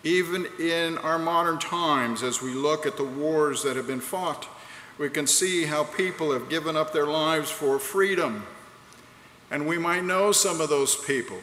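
A man's voice: on the high side, a little slow, pushed and bright. A man preaching a sermon in a large hall, earnest and rhetorical, reading quotes aloud. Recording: echoey hall, faint background noise.

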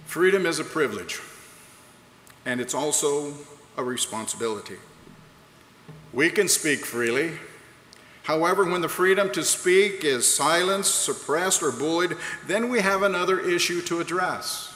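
Earnest guy preaching, bright clear voice a bit high, big roomy hall sound. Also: animated, measured pace. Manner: earnest, rhetorical, reads quotes aloud. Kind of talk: sermon. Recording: echoey hall, faint background noise.

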